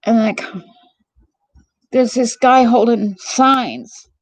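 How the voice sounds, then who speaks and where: A woman's voice: a little high, steady tone, very slow, no room sound, rough recording. A middle-aged woman hosting a live stream vlog, talking in a rambling, earnest and heartfelt way. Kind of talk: casual confiding monologue.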